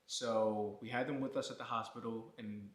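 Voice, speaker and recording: A man's voice: fairly low pitch, steady tone, moderate pace, fairly bright tone, roomy sound. A man co-hosting a vlog in casual chat, joking and laid-back. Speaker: vlogger, husband co-host.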